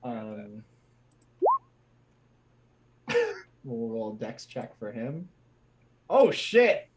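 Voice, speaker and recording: A man's voice: fairly low pitch, fairly even intonation, drawn-out words, mellow. A man narrating as game master in a loose, laughing way.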